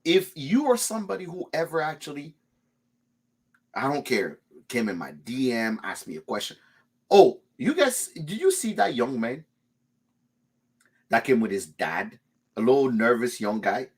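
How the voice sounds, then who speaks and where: A man hosting a podcast in casual chat, animated and emphatic, swearing and repeating words when he gets worked up. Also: mid-range voice, measured pace, long pauses, breathy edge. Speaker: podcast host.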